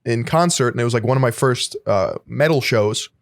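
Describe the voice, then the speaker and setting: Male podcast co-host, mid-pitched, relaxed, rambling, swears casually. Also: brisk, gravelly. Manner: laid-back and rambling, heavy filler and swearing. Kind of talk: casual chat.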